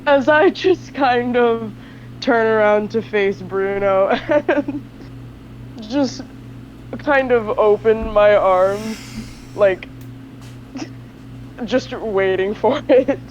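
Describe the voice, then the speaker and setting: Woman, tabletop player, slow relaxed first-person narration, faint hiss. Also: a little high, highs cut off. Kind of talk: casual in-character play narration.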